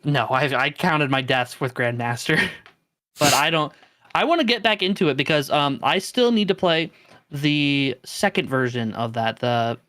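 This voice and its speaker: A man's voice: fairly high pitch, moderate pace, sharp tone, no echo. A man co-hosting a gaming podcast, chatting casually and enthusiastically with lots of fillers. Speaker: podcast co-host. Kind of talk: casual chat.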